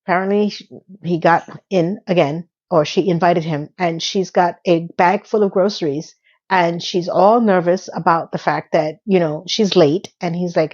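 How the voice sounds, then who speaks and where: A woman recapping an episode in a casual, animated way, retelling scenes with quoted lines. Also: lowish voice, moderate pace, breathy edge, highs cut off. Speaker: recap vlogger.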